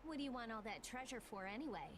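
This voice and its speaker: A woman's voice: fairly high pitch, expressive, fast talker, very noisy, lightly acted. An actress voicing an irritable teenage girl mage who speaks curtly and impatiently. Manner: curt, impatient. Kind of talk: game voice acting.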